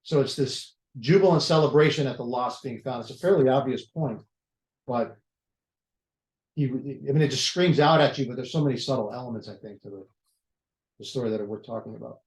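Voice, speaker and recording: A man's voice: mid-range voice, fairly quick, a little mellow. A man leading a Bible study, talking through the text in a conversational way, thinking aloud and restarting phrases. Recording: echoey room.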